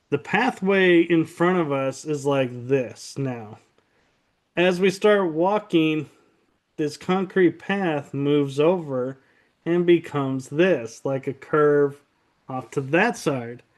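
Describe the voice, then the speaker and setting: A man's voice: fairly high pitch, clear, resonant tone. A man earnestly recounting a strange night walk in a forest, acting out what he and his friend said to each other. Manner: earnest, animated retelling with quoted dialogue. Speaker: guest recounting a paranormal experience. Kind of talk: casual storytelling.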